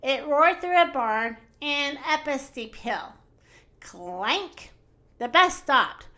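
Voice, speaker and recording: A woman reading a children's picture book aloud in an expressive, animated storytelling manner. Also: sits high, slow pace.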